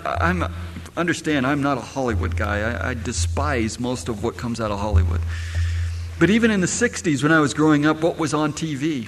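A man's voice: fairly high pitch, slight background noise. A middle-aged man, a pastor, preaching a sermon and firing rhetorical questions at his congregation. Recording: echoey hall, faint ambience.

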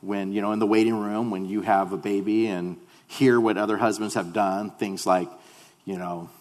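A man's voice: fairly low pitch, steady tone, normal speed, a little mellow. Man preaching with humor in a hall. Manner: humorous, conversational storytelling. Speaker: pastor. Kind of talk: sermon with a personal story.

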